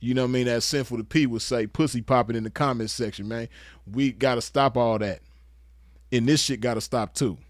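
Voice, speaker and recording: Man, online commentator, crude lecturing rant, dry sound, medium pitch. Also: steady tone, brisk, no room sound.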